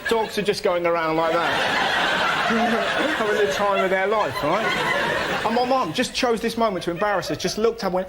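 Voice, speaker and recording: Cheeky, animated male comedian. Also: high voice, moderate pace. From Britain. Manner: animated, cheeky, laughs at his own jokes. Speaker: comedian panelist. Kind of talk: stand-up storytelling on a panel show. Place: TV studio with a live audience. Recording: loud studio audience laughter and noise.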